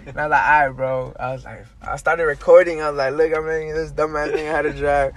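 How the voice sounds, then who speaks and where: Young man, high voice, animated slangy storyteller, casual chat. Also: fast talker. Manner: animated storyteller, heavy slang and profanity, acts out quotes.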